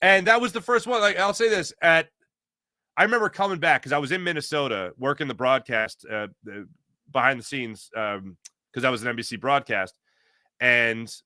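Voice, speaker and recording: A man, a guest telling excited stories in casual chat. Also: medium pitch, no echo, studio quality. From Philadelphia. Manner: excited storytelling, animated.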